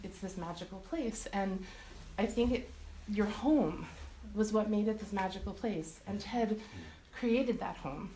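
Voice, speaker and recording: A woman shares a heartfelt remembrance at a memorial. She speaks hesitantly and nervously, filling pauses with "um." Her voice rings in a roomy hall, with faint noise underneath. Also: mid-range voice, mellow. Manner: nervous, hesitant, many "um"s, tender. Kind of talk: personal remembrance. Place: memorial gathering room.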